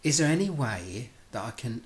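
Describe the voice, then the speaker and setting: A middle-aged man spins a personal story in a mid-pitched voice. He talks in an animated way, acting out both sides of conversations and often restarting his sentences. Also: moderate pace. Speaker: speaker telling his life story.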